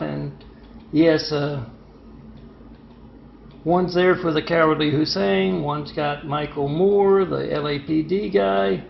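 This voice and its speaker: A man with a high, gravelly voice tells a meandering story, wandering from one loose thread to the next. The sound is echoey and dull, like a lo-fi recording in a bare room. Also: fairly even intonation, slow pace, pauses often, a little hiss or hum. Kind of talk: rambling spoken story.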